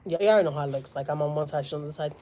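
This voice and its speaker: Speaking low and racing along, this Houston, Texas woman tells her live-stream audience a story in a chatty, filler-heavy way, acting out other people's lines with drama. Her tone is dark and the audio is poor.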